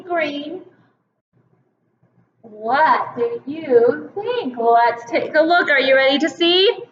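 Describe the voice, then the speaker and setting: A young woman teaching a kindergarten calendar lesson, slow, sing-song and encouraging, stretching out her words. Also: high voice, a bit bright, roomy sound, lo-fi sound, a little hiss or hum.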